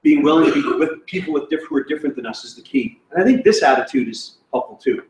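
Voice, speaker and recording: A man's voice: medium pitch, lively intonation, fast talker, a little mellow. Give me a man preaching with self-deprecating humor, recorded from a distance in an echoey hall. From Canada. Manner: self-deprecating, laughs at his own story. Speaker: guest speaker. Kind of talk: sermon storytelling. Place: church auditorium.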